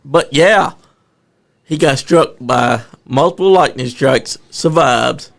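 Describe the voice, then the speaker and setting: A laid-back man hosts a casual podcast, his voice gravelly and mid-pitched. He chimes in with quips and follow-up questions. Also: slow. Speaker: podcast host.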